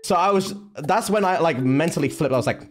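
A man's voice: a little high, fairly quick. A young man streaming, telling a story casually with lots of swearing and restarts. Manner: animated, heavy swearing, lots of fillers and restarts. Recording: music playing behind.

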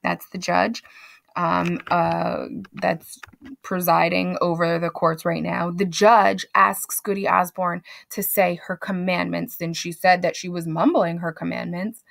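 A woman's voice: lowish voice, little pitch movement, unhurried, creaky, fairly bright tone. A woman teacher casually summarizing a literary text for students in a conversational, chatty way. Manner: conversational, chatty, with fillers and asides. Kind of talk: casual spoken lesson summary.

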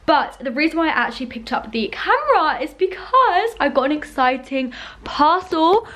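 A woman's voice: high-pitched, sing-song, normal speed, fairly bright tone. A young woman vlogging at home while unboxing, gushing and filling her talk with "like" and "oh my god.". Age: young adult. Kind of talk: casual unboxing vlog. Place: at home indoors. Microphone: handheld camera.

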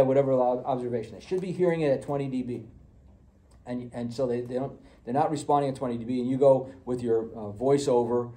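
A man giving a conversational audiology lecture, full of fillers and restarts, who gets animated when he acts out patients. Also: medium pitch, echoey room, distant mic, low-quality recording. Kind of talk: recorded classroom lecture.

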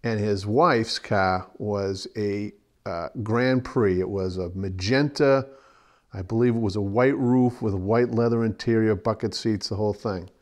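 A man recalling a story from his school days, pausing often to search for details. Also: on the low side. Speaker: interviewee. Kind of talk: storytelling interview.

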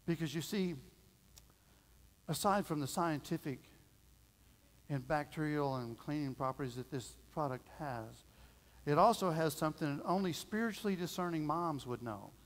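A middle-aged man preaching a sermon as pastor, telling a family story in a folksy, animated way and acting out the voices. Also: fairly high pitch, moderate pace. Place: church sanctuary. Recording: long reverb of a church hall.

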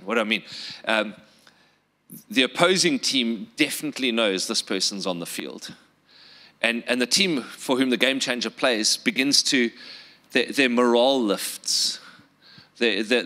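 A man's voice: medium pitch, sharp tone. A man with a South African accent preaching a sermon earnestly, with repeated words and rhetorical questions. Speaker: pastor.

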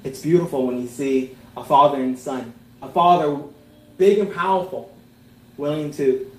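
A man preaching a sermon as pastor, earnest, swelling to emphatic peaks and then dropping to soft, tender lines. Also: medium pitch, moderate pace, reverberant, a little hiss or hum, rough recording.

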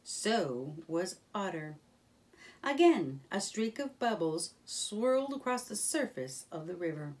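A woman reading a children's storybook aloud in a gentle, expressive manner. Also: fairly low pitch, takes it slowly, far from the mic.

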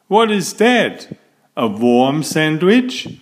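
A man's voice: fairly high pitch, very animated, extremely slow, pitched above the performer's own voice, full character voice. A man voicing a teasing schoolboy, jeering and then sulky, in a storybook reading.

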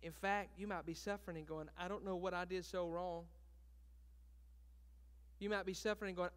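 A man preaching a sermon in a church, his voice high and bright, with a smooth, resonant tone. He swings between hushed, intimate talk and loud, fervent preaching, and keeps calling out questions to the congregation. A long reverb from the big hall trails after every phrase. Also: fairly even intonation, moderate pace, pauses often. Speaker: pastor. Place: church sanctuary.

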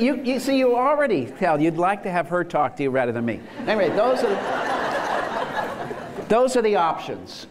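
A man delivers a conference lecture in a slightly high voice that swings widely in pitch. He sounds enthusiastic and chuckles often as he explains. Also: a little hiss or hum. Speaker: lecturer on universal design.

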